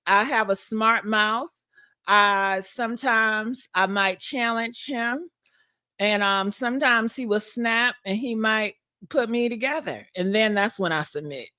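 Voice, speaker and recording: A woman's voice: fairly high pitch, measured pace, bright, forceful tone, no echo, clean studio sound. A woman host in casual live-stream chat, sassy and laughing often, drawing out her words.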